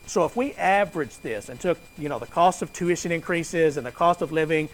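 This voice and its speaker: A man's voice: on the high side, brisk, slight background noise, low-quality recording. A man giving a conversational finance lecture to a class, asking students questions and joking with them.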